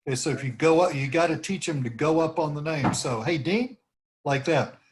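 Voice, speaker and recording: A team leader coaching cold calls meanders through advice during an informal video meeting, demonstrating phrases that lift at the end. His voice is a little high and fairly quick, and faint background noise is present.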